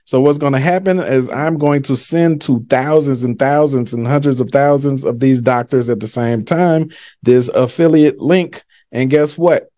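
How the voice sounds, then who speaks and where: A man's voice: medium pitch, moderate pace, dark tone. A man hosting a live screen-share tutorial, hyping his method with slangy patter and talking straight to his viewers. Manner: hyped, slangy salesman patter; talks straight to viewers, often says "guys". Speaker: livestream host.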